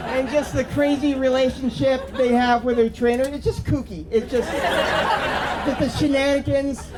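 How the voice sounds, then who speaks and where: A man's voice: extremely high pitch, steady tone, measured pace. A man performing a stand-up set in a club, brash and sardonic with mock-earnest asides. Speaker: stand-up comedian. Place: comedy club stage. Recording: live club with loud crowd laughter and noise.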